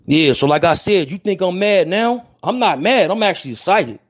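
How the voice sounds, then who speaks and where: A man's voice: sits high, expressive, normal speed. A young man from Chicago with a Chicago accent, chatting casually to viewers on a livestream in brash street slang and apologizing over and over. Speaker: livestream host.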